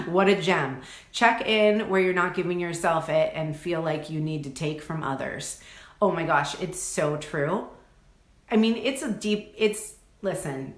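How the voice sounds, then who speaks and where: A woman's voice: deep voice, reverberant. A woman, coaching viewers during a live stream. She reads their comments aloud and answers in an effusive, chatty way, swearing casually. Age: 40s.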